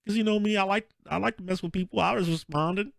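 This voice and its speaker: Here a creaky, high-pitched male co-host talks quickly over clean, dry studio sound. Chatting casually about sports, he tells lively stories, laughs often, and performs the lines people said.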